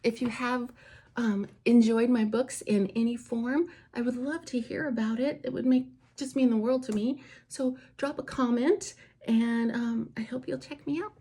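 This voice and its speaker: A woman's voice: fairly high pitch, steady tone, moderate pace, warm tone, breathy edge. A woman author chatting casually to camera in a vlog, rambling and enthusiastic, with lots of fillers. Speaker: author and vlogger. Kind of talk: casual get-ready-with-me chat.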